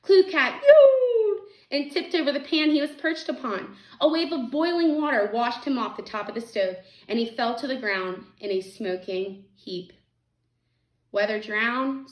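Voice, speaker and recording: A woman's voice: a little high, normal speed. A woman teacher reads a novel aloud to students and adds casual, chatty asides between passages. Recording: echoey room.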